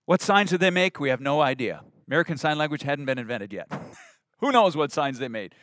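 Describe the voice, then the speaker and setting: Expressive pastor preaching a sermon. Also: male voice, fairly high pitch, fairly quick, no room sound, studio quality. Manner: expressive preaching with rising emphasis and asides.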